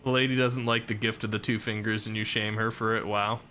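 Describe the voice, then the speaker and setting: A man with a bright, forceful voice talks through his live gameplay stream, reacting to each new thing on screen and replying to viewers' messages. A faint bed of background noise sits under his voice. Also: fairly low pitch, level tone, brisk. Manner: chatty, reacts aloud and answers chat.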